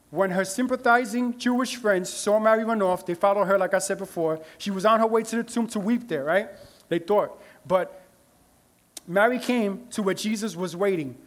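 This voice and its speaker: A male pastor preaching a sermon in a loose, conversational way, checking in with "right?" and swinging from quiet murmurs to loud emotional bursts. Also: high-pitched. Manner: conversational preaching with frequent "right?" asides and restarts.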